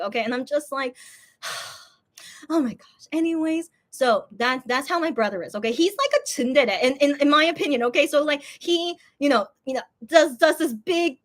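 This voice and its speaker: A young adult woman hosting a casual livestream, telling a story in an animated way, full of fillers and repeated words. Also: fairly high pitch. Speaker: livestream host. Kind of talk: casual live-stream chat.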